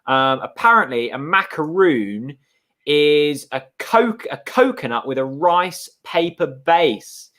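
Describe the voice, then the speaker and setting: A man co-hosting a football fan watchalong, relaxed and teasing as he reads comments and shares news. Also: a little high, a little slow, few pauses. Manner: relaxed, teasing, many fillers and restarts. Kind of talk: casual fan chat.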